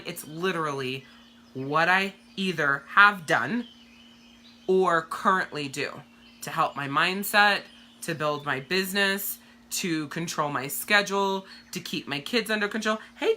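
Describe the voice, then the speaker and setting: Brief: woman, 30s, candid, profane live-stream coach with a bright, forceful, slightly low voice. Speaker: direct sales coach. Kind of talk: casual live-stream monologue.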